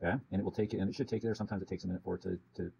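A man's voice: deep voice, steady tone, rapid-fire, creaky, a little mellow. A man teacher explaining video features to students in a casual, chatty way, often checking in with "okay?". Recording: dull lo-fi sound with faint background noise.

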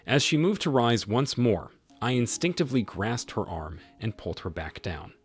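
A man narrating a scripted first-person story in a measured, reflective way. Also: medium pitch, very animated, faint music behind.

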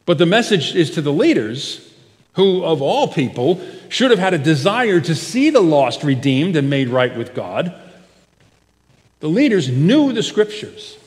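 A man's voice: fairly high pitch, measured pace. Preaching man in a reverberant church. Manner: expressive preaching, swells loud then drops soft. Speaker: pastor. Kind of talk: sermon. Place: church sanctuary. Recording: church hall with long reverb.

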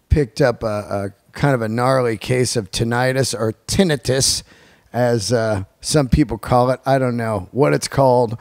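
A man's voice: mid-range voice, no room sound, clean studio sound. A man, hosting a podcast in a loose, profane, rambling monologue. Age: 50s. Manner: profane, rambling, animated storytelling. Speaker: podcast host. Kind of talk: casual monologue.

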